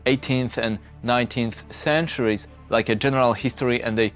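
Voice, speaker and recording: A man giving scripted narration for an explainer video, in a steady explanatory tone. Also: mid-range voice, normal speed, faint music behind.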